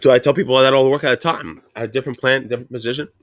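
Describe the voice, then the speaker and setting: A man's voice: mid-range voice, fairly even intonation, rapid-fire, muffled recording, slight background noise. A man hosting a casual podcast chat, rambling and profane, often restarting and repeating himself.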